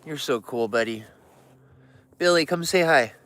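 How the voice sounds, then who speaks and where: A man with a high, bright voice chats casually on a livestream, emotional and talkative, greeting viewers and animals by name. His voice comes through clear and crisp, with a dry, close sound. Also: lively intonation, a little slow, no room sound.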